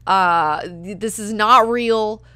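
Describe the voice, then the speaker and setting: A woman's voice: mid-range voice, slow pace, sharp tone, smooth, dry recording. A woman voicing a scornful young woman who bluntly and sarcastically dismisses a pompous priest, drawing out her words.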